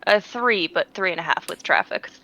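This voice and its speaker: A woman's voice: fairly low pitch, normal speed, sharp tone. A woman telling a long, blunt, profane story in casual chat, quoting what people said. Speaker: player. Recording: dull lo-fi audio.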